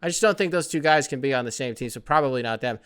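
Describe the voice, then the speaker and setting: A man's voice: medium pitch, quick pace, fairly bright tone, clear, resonant tone. A man hosting a casual sports podcast, rambling, profane and joking. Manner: profane, rambling, joking, mocks athletes with put-on voices. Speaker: podcast host.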